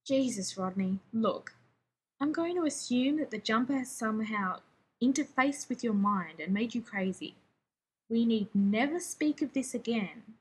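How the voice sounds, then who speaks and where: A woman reading the lines of a guarded male military officer, clipped and wary, in a husky voice. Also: on the high side, lively intonation, a little slow, rough recording. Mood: uneasy.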